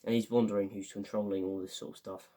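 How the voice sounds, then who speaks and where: A man's voice: lowish voice, level tone, quick pace, mellow. A young man, casually reviewing a show and rambling with lots of fillers and enthusiasm. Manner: rambling, filler-heavy, enthusiastic, acts out quotes. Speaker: fan reviewer.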